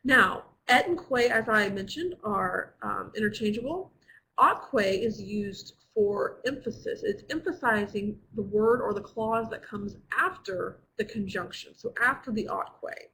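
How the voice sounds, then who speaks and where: Patient online Latin teacher, woman, mid-pitched, computer mic, faint room hiss. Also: lively intonation, measured pace, creaky, bright, forceful tone, poor audio. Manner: patient, explanatory, with frequent fillers. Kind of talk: online class lecture.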